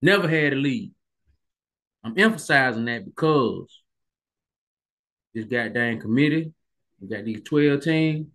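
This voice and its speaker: A man talks through the weekend's games in a loose, colloquial way. He leans hard on repetition and grows heated when he argues his point. His voice sits in an ordinary middle pitch. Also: animated, measured pace, pauses often, fairly bright tone. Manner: emphatic, repetitive, colloquial, rising to heated emphasis. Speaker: sports commentary vlogger. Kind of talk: casual sports opinion monologue.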